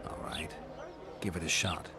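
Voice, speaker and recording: A man voicing a gruff, grim male monster hunter in a video game, with a gravelly, curt and unimpressed delivery. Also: normal speed, close to an everyday voice. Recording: game audio over loud music.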